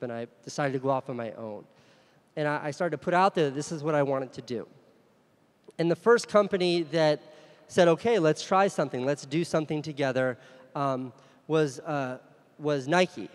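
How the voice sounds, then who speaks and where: A man's voice: a little high, moderate pace, clear, resonant tone, in a large hall. A man giving a frank, self-deprecating keynote at a conference, telling the story of his career in plain, earnest words. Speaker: conference speaker.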